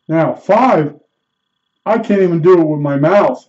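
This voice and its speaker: A man's voice: a little high, unhurried. A man telling stories in a casual monologue, rambling and folksy, with lots of fillers and restarts. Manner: imitates beeps with his mouth. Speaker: storyteller. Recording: dull lo-fi recording.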